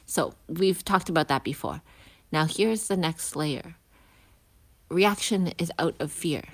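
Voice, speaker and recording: A woman, a healing practitioner and parent, gives a casual spoken lesson while walking outdoors to school, reflective and pausing, with restarts and hushed asides. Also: sits low.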